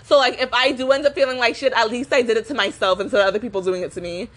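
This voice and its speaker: A woman's voice: fairly high pitch, fairly even intonation, racing, a bit bright. A young woman vlogging a casual rant full of cursing and fillers, laughing often between sentences. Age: young adult. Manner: swearing, rambling with many fillers; laughs often while talking.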